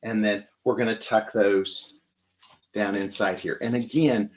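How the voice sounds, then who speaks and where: A man's voice: fairly low pitch, fairly even intonation, measured pace. A man hosting a live flower-arranging demonstration, chatty and enthusiastic as he talks while working with his hands. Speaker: florist host.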